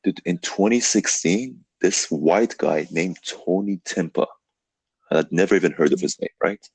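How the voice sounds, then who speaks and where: Young male podcast host, low husky voice, animated and loose, leans on "dude" and "like". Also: measured pace, no room sound. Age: young adult. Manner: animated storytelling, heavy on "like" and "dude". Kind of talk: casual chat.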